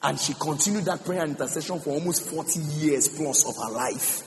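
A man's voice: a little high, fairly quick, a little hiss or hum. A man preaching a sermon as pastor, emphatic, repeating phrases and singing some lines out. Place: church hall. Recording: reverberant hall with music behind.

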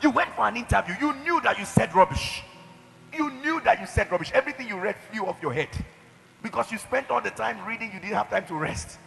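A man preaching a sermon, emphatic, with shouted declarations and acted-out quotes to his church. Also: high voice, expressive, brisk, creaky, a little hiss or hum. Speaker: pastor. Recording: hall reverb.

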